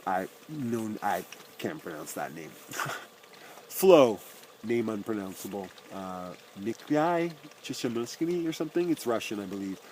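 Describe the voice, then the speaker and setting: Uomo che legge titoli con ironia asciutta. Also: male voice, fairly low pitch, expressive, unhurried, slight background noise, poor audio. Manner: dry, wry asides between titles, trailing off at each author name. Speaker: self-help listener reading his list. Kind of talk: casual spoken list, reading titles aloud.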